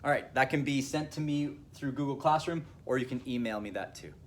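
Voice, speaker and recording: Man teaching a lesson, middle pitch. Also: a little hiss or hum. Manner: explaining slowly with fillers and restarts. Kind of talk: recorded classroom lesson.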